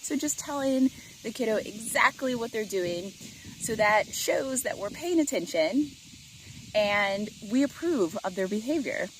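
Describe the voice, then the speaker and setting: A woman giving an instructional talk to parents and caregivers, explaining gently and acting out example phrases with exaggerated inflection. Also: fairly high pitch, lively intonation, a little slow, slight background noise, poor audio. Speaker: parenting educator.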